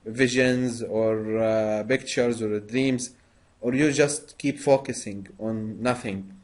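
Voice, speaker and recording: Male interviewer, very slow and halting, lots of "uh". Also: lowish voice, fairly even intonation. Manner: halting, many pauses and fillers. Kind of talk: conversational interview.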